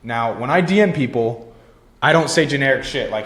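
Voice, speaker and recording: A man's voice: medium pitch, lively intonation, fairly quick, fairly bright tone. A young man giving a casual sales lesson, blunt and confident, swearing freely and tagging lines with "right?". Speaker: sales coach. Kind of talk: casual instructional talk.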